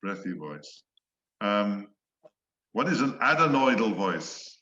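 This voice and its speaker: A man teaching English in an online one-on-one lesson, slow and patient, explaining words and acting out examples. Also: on the low side, very animated, noisy background. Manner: slow, patient, demonstrates voices. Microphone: video call. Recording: echoey, dull video-call audio.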